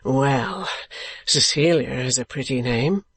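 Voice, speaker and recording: A man's voice: medium pitch, slow pace, fairly bright tone, breathy edge, dry recording, exaggerated voice. A man voicing an eager, passionate young man in love in an audiobook, talking with vehement, pressing questions. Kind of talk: audiobook character voice.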